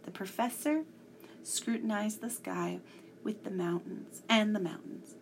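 Slow, gravelly woman reading a story. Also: mid-range voice, a little hiss or hum. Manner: slow, deliberate reading with small slips. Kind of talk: reading a children's story aloud.

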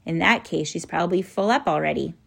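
A woman voicing a bold young boy with a dry, excitable manner. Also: on the low side, brisk, creaky, husky, heavily acted.

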